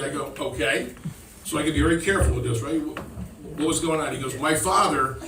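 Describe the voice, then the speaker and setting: A man's voice: on the high side, a little fast, a little hiss or hum. A middle-aged man doing a rambling stand-up routine, acting out kids' voices in his stories. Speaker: stand-up comedian. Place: comedy club stage with audience. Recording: roomy, distant mic, loud crowd laughter.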